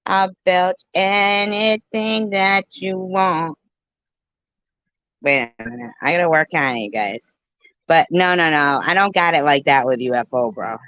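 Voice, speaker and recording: A woman's voice: low-pitched, a little slow, fairly bright tone, clear, resonant tone, no room sound. A woman hosting a casual live-stream commentary, joking crudely and swearing freely. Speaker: commentary host. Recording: dull muffled dry sound.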